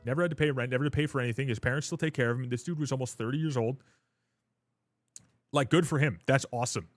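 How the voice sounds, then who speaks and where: A man's voice: medium pitch, quick pace, no echo, soft background music. A young man, telling a rambling, profane story while streaming a game. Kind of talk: casual livestream chat.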